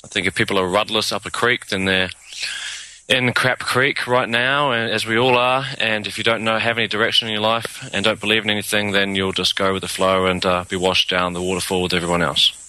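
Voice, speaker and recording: A man's voice: fairly low pitch, little pitch movement, a little fast, no echo, poor audio. A man co-hosting a radio talk show, arguing emphatically. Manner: forceful, emphatic, argumentative. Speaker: radio co-host. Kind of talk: casual talk radio debate.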